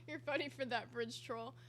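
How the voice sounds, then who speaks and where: A woman's voice: high-pitched, fairly bright tone. A woman hosting a commentary stream, blunt and mocking, swearing freely. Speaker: host.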